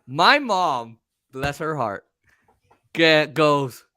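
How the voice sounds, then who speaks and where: Casual podcast co-host, male, slightly high voice, bright and lively, profane and animated. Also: very slow, clear, resonant tone, no echo, studio quality. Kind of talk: casual storytelling chat.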